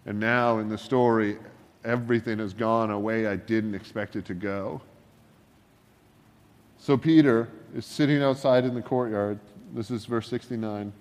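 A man preaching a sermon in a relaxed, joking, conversational way, full of asides and wry humor. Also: lowish voice, moderate pace, in a large hall. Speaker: pastor.

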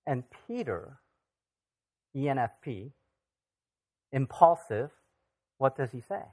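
A preacher delivering a sermon with a lively, rising-and-falling voice. The talk is conversational, with frequent direct questions thrown out to the audience. The pitch sits in a middle register. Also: slow pace, pauses often. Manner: conversational, acts out scripture voices.

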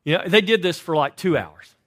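Animated pastor preaching. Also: male voice, fairly high pitch, fairly quick, no echo, studio quality. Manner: animated storytelling, swinging from loud to hushed. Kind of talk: sermon. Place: church sanctuary.

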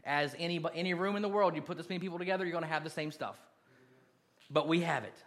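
A pastor delivering a church sermon, his voice sitting a touch higher than most men's. He speaks with plain, steady conviction and swings between quiet, intimate passages and loud rallying calls. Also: fast. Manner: preaching, building from soft to loud calls.

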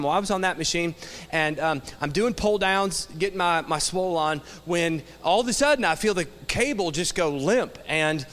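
A man's voice: sits high, fairly bright tone. A middle-aged man, a pastor, telling a wry, self-mocking story in a sermon. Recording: long hall reverb.

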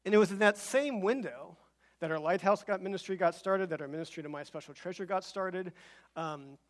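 A middle-aged man preaching a sermon as pastor, telling a personal story with halting restarts and building to emphatic repeated phrases. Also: sits high.

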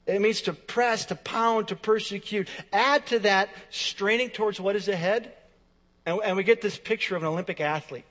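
A man's voice: high voice, normal speed, fairly bright tone. A man preaching a sermon to his congregation, emphatic and repetitive, with his volume rising and falling. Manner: emphatic preaching with repeated phrases and swings in volume. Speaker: pastor. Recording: long reverb of a large hall.

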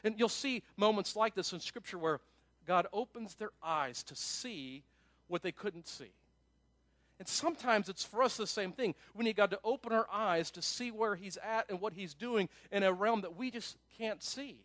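A man pastor preaching a sermon in an animated, conversational way, with asides to his listeners. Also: high voice, moderate pace, no echo.

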